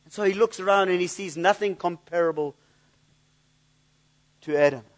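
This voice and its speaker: A pastor with a high-pitched voice preaches at a moderate pace in an earnest, searching manner. He often repeats words while hunting for his next thought.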